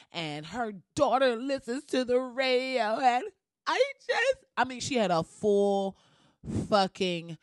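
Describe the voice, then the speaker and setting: A woman ranting in a blunt, profane and sassy way as she comments on someone else's video, with sudden jumps in pitch. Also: no room sound, clean studio sound. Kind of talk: casual reaction rant.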